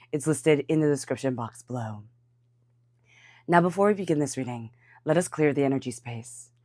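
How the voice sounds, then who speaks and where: Woman, very low voice, stuffy and congested, tarot reader, dry close sound. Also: no echo. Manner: calm, soothing guidance. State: congested from a cold. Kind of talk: tarot reading.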